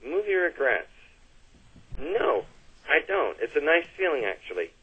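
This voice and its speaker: A middle-aged man with a Canadian accent chats as an interview guest, telling stories full of restarts and fillers and laughing easily. His voice is a little high with big pitch swings, measured in pace and slightly rough, on a lo-fi recording.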